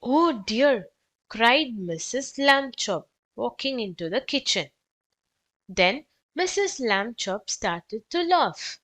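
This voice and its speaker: A woman reads a children's storybook aloud for young kids, clear and expressive. Her voice sits a bit high and rises and falls in a very lively way. She reads at an unhurried, very slow pace. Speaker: children's book reader.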